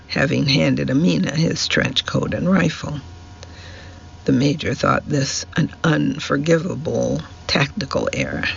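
A man reads a novel aloud slowly and steadily, his voice gravelly and a little higher than most men's. The recording is slightly dull and muffled, with faint hiss underneath. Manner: measured, even storytelling. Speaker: audiobook narrator. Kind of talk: scripted narration.

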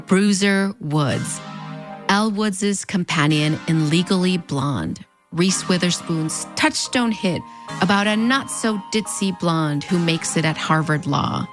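A woman with a fronterizo border accent, narrating a scripted video essay in a wry, conversational way with playful sarcastic asides. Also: mid-range voice. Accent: fronterizo Mexican border Spanish-influenced English.

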